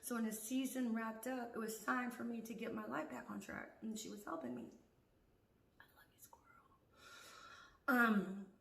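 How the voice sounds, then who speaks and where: A woman's voice: on the high side, fairly even intonation, brisk, vocal fry, few pauses, fairly bright tone, roomy sound. A woman in a casual monologue, laughing often, swearing freely and dropping into whispers.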